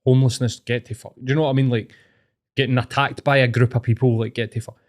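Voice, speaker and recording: A man's voice: mid-range voice, steady tone, fast talker. Scottish man telling sweary anecdotes. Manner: sweary, rambling anecdotes, calls people mate. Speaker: podcast host. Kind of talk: casual chat.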